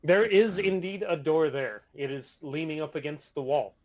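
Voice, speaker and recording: Halting man running a tabletop game. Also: fairly high pitch. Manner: halting, restarts mid-sentence. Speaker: game master.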